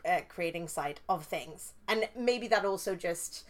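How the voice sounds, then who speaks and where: A woman's voice: on the low side, expressive, unhurried. A young woman from northeast England, chatting casually as a podcast guest, with lots of fillers and restarts. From Newcastle upon Tyne, England. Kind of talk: casual chat.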